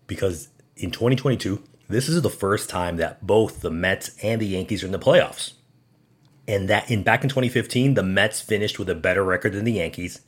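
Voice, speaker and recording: Male podcast host, very low voice, casual rambling solo talk with self-corrections. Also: a little fast.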